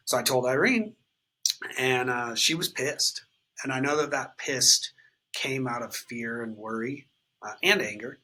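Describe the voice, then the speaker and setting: A man in his thirties tells his story to an interviewer in a raw, unfiltered way. His voice is bright and forward, with a husky edge. He talks loosely, with plenty of fillers and casual swearing. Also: medium pitch, measured pace, poor audio. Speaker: guest sharing his recovery story. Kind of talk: candid conversational storytelling.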